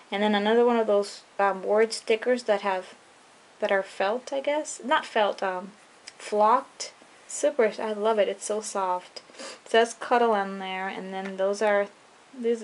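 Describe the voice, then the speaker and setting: A young woman casually walking through her handmade scrapbook album, chatty and relaxed, with frequent ums and trailing-off phrases. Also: medium pitch. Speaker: scrapbooking vlogger. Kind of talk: casual show-and-tell walkthrough.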